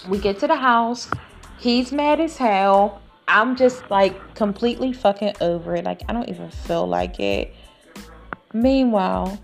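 A woman's voice: mid-range voice, creaky. A woman hosting a podcast, telling a personal story in a blunt, chatty, profane way, talking to the listener like a close friend. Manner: talks to listener like a friend, calling them sis. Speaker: podcast host. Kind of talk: casual storytelling monologue. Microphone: podcast voice recording.

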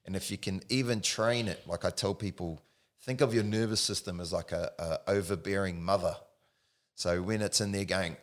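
A man coaching mobility in casual podcast chat, animated and acting out little voices, often saying bro. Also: sits low, normal speed. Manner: animated, acts out voices of the body, says bro.

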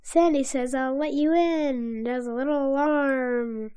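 A woman's voice: sits high, unhurried, dark tone. A woman co-hosting a podcast, recounting a cartoon episode in blunt, offhand bits during casual chat. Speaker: podcast co-host.

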